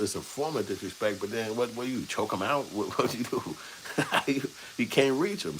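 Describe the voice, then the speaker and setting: A man's voice: low-pitched, a little hiss or hum, poor audio. A man, hosting a casual live stream and telling stories in a loose way, acting out the people he quotes. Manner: loose, storytelling, acts out quoted voices. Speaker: show host.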